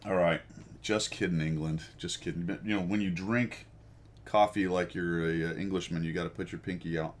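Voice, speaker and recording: A middle-aged American man with a deep, low voice hosts a casual chat for his viewers. He rambles from tangent to tangent, pokes fun at himself and laughs often. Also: steady tone, a little fast. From United States. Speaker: host.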